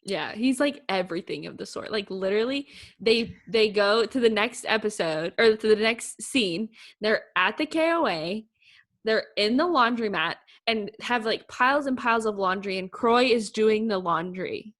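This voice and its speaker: A woman's voice: medium pitch, animated, moderate pace, a bit bright. A woman co-hosting a podcast, gushing and animatedly retelling reality TV scenes in casual chat. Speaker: podcast co-host.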